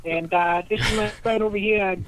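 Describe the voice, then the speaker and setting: A man's voice: high voice, fairly even intonation, fairly quick, fairly bright tone, a little hiss or hum, poor audio. A man calling in and putting on the voice of a touchy Italian mafia wiseguy. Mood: boastful. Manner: mobster impression, hostile questioning. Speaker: caller.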